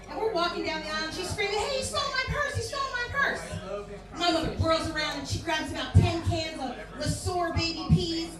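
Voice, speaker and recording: A woman in her fifties from Philadelphia doing a brash, salty stand-up set in a bar. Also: very high voice. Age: 50s. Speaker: stand-up comedian. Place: bar with live audience. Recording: echoey room from far off, crowd.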